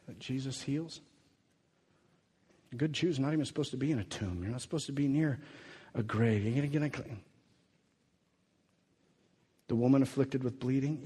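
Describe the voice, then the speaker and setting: A man preaching a sermon as a pastor, animated and acting out the voices of the people in his story. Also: mid-range voice, husky. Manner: animated, acts out quoted voices. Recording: long reverb of a hall.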